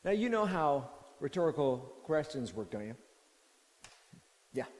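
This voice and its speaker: A man preaching a sermon as pastor, talking in a conversational, animated way with many restarts and repeated words. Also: a little high, unhurried, long reverb tail. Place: church.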